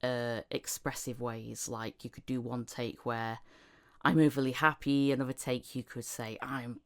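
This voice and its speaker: A British woman hosting a voice acting podcast, talking in a rambling, halting way with many restarts. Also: very deep voice, level tone. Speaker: podcast host and voice actor. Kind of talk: casual podcast chat.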